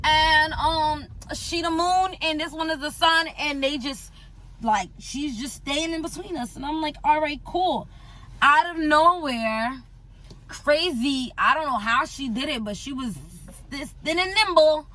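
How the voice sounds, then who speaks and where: A young woman from the United States, telling an animated, slangy storytime vlog and repeating herself for emphasis. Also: high voice, unhurried, poor audio. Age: young adult. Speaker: vlogger.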